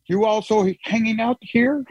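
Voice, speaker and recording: A man's voice: high-pitched, measured pace, a little mellow, breathy edge, dry recording, lo-fi sound. A man hosting a group call, chatting casually and joking at his own expense. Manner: chatty, joking, self-deprecating. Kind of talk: casual chat.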